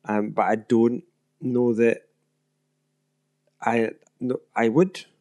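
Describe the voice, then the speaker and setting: A man's voice: mid-range voice, flat delivery, slow, darkish tone. A man co-hosting a podcast, chatting casually and telling a story in a reflective, supportive way. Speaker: podcast co-host. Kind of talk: casual chat.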